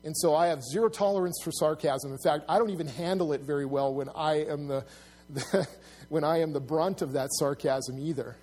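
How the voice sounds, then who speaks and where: A man preaching a sermon to his congregation, earnest and plain-spoken, often restarting his sentences. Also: normal speed. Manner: earnest, restarts often, rises loud and high when acting out mockers. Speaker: pastor.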